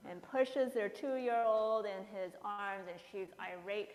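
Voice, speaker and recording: A woman in her fifties, a pastor preaching a sermon and telling a story in a lively way, acting out the people in it. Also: mid-range voice, takes it slowly. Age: 50s. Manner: storytelling, acting out characters with playful asides. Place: church sanctuary. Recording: long church reverb.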